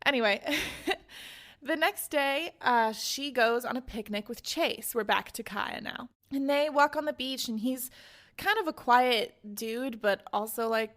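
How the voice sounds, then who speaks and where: A woman's voice: fairly high pitch, measured pace, a bit bright. A woman in her twenties hosting a casual book recap podcast, retelling the story in a chatty way with lots of "like" fillers and little giggles. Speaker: podcast host.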